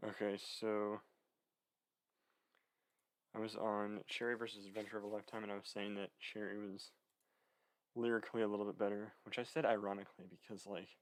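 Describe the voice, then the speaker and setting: A man's voice: on the low side, flat delivery, a little fast, pauses often, no echo. A young man chatting casually to camera, rambling with many fillers and slightly out of breath. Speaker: vlogger. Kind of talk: casual chat.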